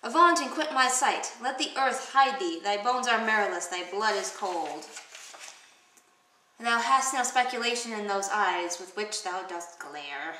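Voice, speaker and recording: Haunted rattled king voiced by a woman, dramatic recitation, bright voice, far from the mic. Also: mid-range voice, measured pace, a little hiss or hum. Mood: horrified. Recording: echoey room, distant mic.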